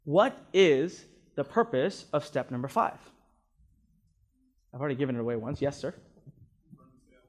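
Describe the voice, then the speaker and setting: A man's voice: mid-range voice, expressive, normal speed, long pauses. A man teaching a live seminar to an audience as a marketing instructor, emphatic and repeating words, often asking "right?".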